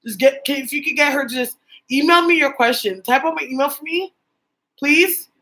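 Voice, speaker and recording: Young canadian woman chatting on a livestream, high bright voice, reads comments out loud. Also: brisk, poor audio. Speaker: psychic medium livestream host. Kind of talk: casual livestream chat with viewers.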